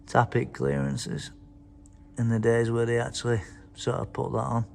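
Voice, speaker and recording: A man's voice: mid-range voice, lively intonation, moderate pace, vocal fry, a little mellow. A man from England casually touring a tractor museum, reading out labels and swearing freely as he chats. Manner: chatty, swears freely, reads labels aloud. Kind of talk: casual walk-around commentary. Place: indoor museum hall. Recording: reverberant hall with faint ambience.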